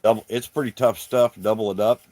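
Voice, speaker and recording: A middle-aged South Carolina man with a Southern American accent chats casually with his livestream viewers in a folksy, rambling way. His voice is on the low side, steady, a little fast and a little mellow.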